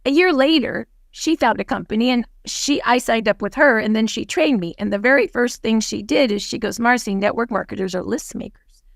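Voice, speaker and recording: A woman with a high, bright voice leads a business webinar over a video call, coaching her audience through stories. She slips into the voices of the people in her stories as she tells them. The sound is close and dry, with no room around it. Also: moderate pace, gravelly, hardly any pauses, dry recording. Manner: lively storyteller who acts out dialogue. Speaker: guest speaker, team leader. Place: home office on a video call. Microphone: video call microphone.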